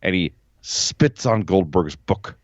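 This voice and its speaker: A man co-hosting a podcast from home, recapping with sarcastic, deadpan asides while his pitch moves around a lot. His voice sits in a middle register. The home recording sounds slightly dull and dry. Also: slow, no room sound. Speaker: podcast co-host. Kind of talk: casual chat.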